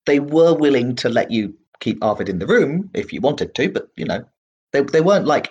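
Husky-voiced man running a tabletop game. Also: medium pitch, brisk, lo-fi sound. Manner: relaxed, rambling, filler-heavy. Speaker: game master.

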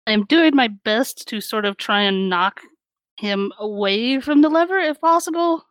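A woman's voice: on the high side, animated, moderate pace, fairly bright tone, no room sound, low-quality recording. A woman player in a tabletop game, chatty and laughing often. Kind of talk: casual tabletop game play.

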